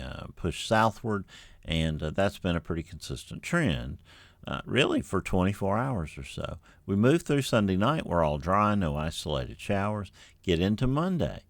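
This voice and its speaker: Male meteorologist, deep and lively, dry close sound, easygoing and folksy. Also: no echo. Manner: relaxed, folksy, many fillers. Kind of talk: unscripted weather briefing.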